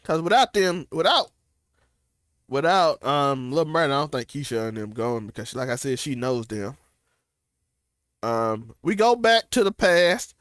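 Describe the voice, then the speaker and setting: A man's voice: mid-range voice, sing-song, measured pace, a bit bright, dry recording, studio quality. A young man, co-hosting a casual TV recap chat, talking loosely with slang and restarts. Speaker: co-host of a TV recap show.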